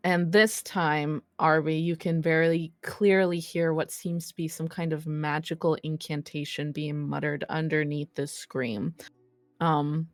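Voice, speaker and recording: A woman narrating as game master of a tabletop role-play, deliberate and unhurried with occasional fillers. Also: low voice, steady tone, no room sound, faint music behind.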